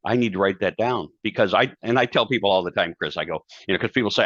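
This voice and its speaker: Low male guest, lively storyteller, dry dull lo-fi sound. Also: fast, few pauses, dry recording. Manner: animated storyteller acting out quoted dialogue. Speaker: guest speaker and author. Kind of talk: conversational interview talk.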